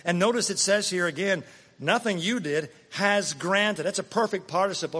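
A man's voice: sits high, normal speed, bright, forceful tone, breathy edge, long reverb tail. A man preaching a sermon in a conversational way, often asking his listeners questions. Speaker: pastor.

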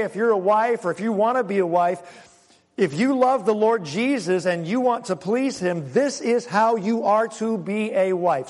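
A man preaching a sermon emphatically, with dramatic pauses, his voice swinging from loud to hushed. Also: high voice, big-room sound. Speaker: pastor.

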